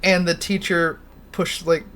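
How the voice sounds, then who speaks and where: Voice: mid-range voice, flat delivery, measured pace, a bit bright, a little hiss or hum. A livestream host telling stories in a casual, rambling way, laughing often and swearing casually.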